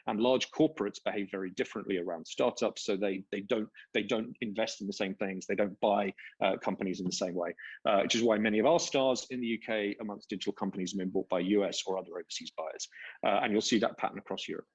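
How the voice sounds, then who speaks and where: A man's voice: on the low side, breathy edge, low-quality recording. A man speaking as a panelist, explaining at length with many fillers and tag questions. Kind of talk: panel discussion talk.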